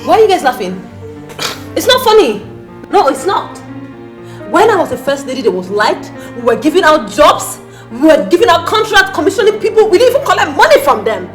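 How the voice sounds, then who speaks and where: A woman's voice: high voice, sing-song, a little fast, soft background music. An actress with a Nigerian accent playing a volatile wife who insists she was a first lady, talking in an erratic, insistent way. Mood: indignant. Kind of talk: film drama acting.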